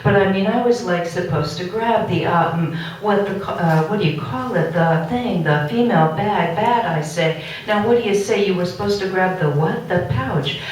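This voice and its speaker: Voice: medium pitch, moderate pace, few pauses, slight background noise. Poet for a live gallery reading of found transcript text; recited, performance-style delivery, captured from a distance with strong room echo. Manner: recites found speech and court record text aloud. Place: art gallery, indoors. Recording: very echoey room recorded from far off.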